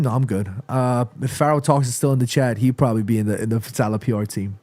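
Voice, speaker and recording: A man, raised in New York and born in South Korea, hosting a casual football live stream. He is tired and under the weather, rambling and repeating words as he gives animated opinions. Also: medium pitch, fast talker. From born in South Korea, raised in New York City. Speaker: livestream host.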